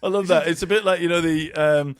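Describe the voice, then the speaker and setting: A man's voice: a little high, fairly quick, smooth, no echo, studio quality. A man co-hosting a podcast, telling stories and acting out quotes in a casual chat. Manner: animated storyteller, acts out quotes. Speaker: podcast co-host.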